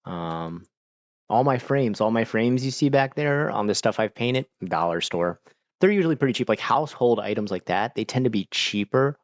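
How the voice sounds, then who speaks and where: A man's voice: lowish voice, normal speed, dry recording, lo-fi sound. A young man from Florida chatting casually on a livestream from home, reading chat and reacting with lots of fillers. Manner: chatty, animated when quoting people, many fillers. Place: home room.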